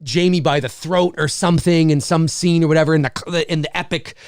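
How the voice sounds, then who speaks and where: A man hosting a casual monologue, talking in an animated way, acting out scenes with loud exclamations, swearing and lots of fillers. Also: a little high, brisk, dry recording, clean studio sound. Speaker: host.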